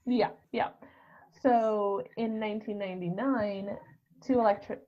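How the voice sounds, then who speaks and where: A woman's voice: medium pitch, fairly even intonation, unhurried. A woman co-hosting a podcast, telling a story in a casual, wry, joking way. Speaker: podcast co-host. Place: bathroom. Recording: dull lo-fi bathroom recording.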